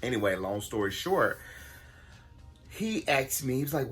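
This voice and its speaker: Vlogger, deep voice with wide swings in pitch, blunt storyteller, faint music in the background. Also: male voice, moderate pace. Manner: animated, blunt, swearing, addresses viewers as y'all. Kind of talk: casual storytelling to viewers.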